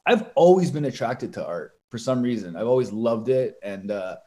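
A man's voice: mid-range voice, animated, moderate pace, dark tone. A young man, a boxer and poet, talking casually in an interview, telling rambling stories full of fillers and swearing. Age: young adult. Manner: rambling, profane storytelling with many fillers. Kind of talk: casual conversation.

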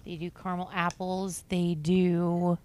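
A woman's voice: lowish voice, completely flat delivery, unhurried, darkish tone. A middle-aged woman co-hosting a podcast, chatting casually and passing on practical tips with a knowing, friendly manner. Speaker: podcast co-host. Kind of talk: casual chat.

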